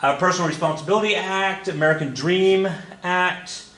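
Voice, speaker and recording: A man's voice: high-pitched, moderate pace, fairly bright tone, slight background noise. Chatty man teaching history, echoey room. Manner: chatty, jokey asides, frequent fillers. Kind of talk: casual recorded history lecture. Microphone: recorded at a computer for students.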